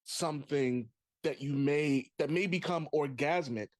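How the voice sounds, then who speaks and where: A man in casual podcast chat, telling relaxed stories and laughing easily. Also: fairly high pitch, measured pace, no room sound. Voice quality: chatty storyteller, laughs easily.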